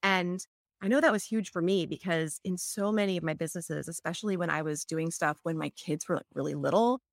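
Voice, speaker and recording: A lowish, creaky female voice, a little fast, comes through in a dry recording with clean studio sound. She's a middle-aged EFT practitioner casually explaining things, telling stories, and leaning heavily on the filler "like."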